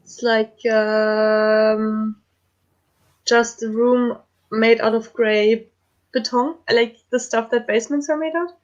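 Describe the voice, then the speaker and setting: Higher-voiced woman on dull lo-fi audio. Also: fairly even intonation, slow pace. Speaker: player. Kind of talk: describing a scene in tabletop play.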